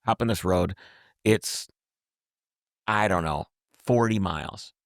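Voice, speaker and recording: Gravelly low-voiced man telling a story. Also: slow, dry recording, studio quality. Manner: animated, acts out quotes, repeats and restarts words. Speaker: podcast host telling a road trip story. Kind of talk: casual storytelling chat.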